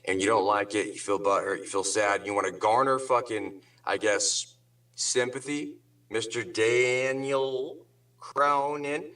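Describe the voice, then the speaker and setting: A low-voiced man rants with heavy profanity and biting sarcasm, his voice a little distant from the microphone. His talk is loose and slangy, with constant swearing. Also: fairly even intonation, unhurried, a bit bright. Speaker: guest on a drama talk show. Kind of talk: heated profane rant.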